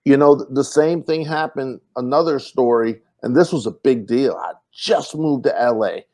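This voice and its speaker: Animated man telling stories. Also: mid-range voice, normal speed. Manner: animated storyteller, acts out quotes, many fillers and restarts. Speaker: comedian telling road stories. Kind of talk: casual podcast chat.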